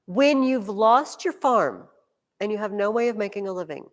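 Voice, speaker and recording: A woman teaching a junior high history class, telling stories in an animated way with playful asides. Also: moderate pace, long reverb tail. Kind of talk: classroom lecture.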